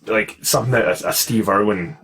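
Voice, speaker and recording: Animated storytelling man host. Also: fairly low pitch, fairly quick. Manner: animated storytelling, swears freely, laughs through it. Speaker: podcast host and karate instructor. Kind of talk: casual podcast chat.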